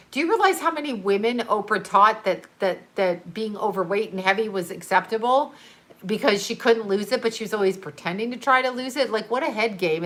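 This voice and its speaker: A woman's voice: medium pitch, a bit bright. Rambling chatty woman on a livestream. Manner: rambling, chatty, laughs often. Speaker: livestream host reading chat. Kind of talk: casual chat.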